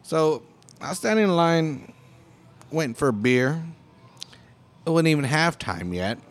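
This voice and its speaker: A man's voice: on the high side, animated, unhurried. A young American man in a casual, profane monologue, talking with heavy emphasis. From United States. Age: young adult.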